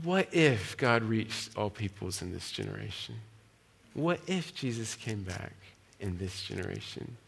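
A man's voice: medium pitch, fairly bright tone, slightly rough. A man preaching as a guest speaker, earnest and challenging, asking his listeners many questions. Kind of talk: sermon.

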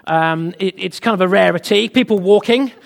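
A man's voice: sits high, normal speed, creaky. A British man preaching a sermon, telling a humorous personal story to the congregation in a chatty way. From Britain. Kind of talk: sermon with anecdote.

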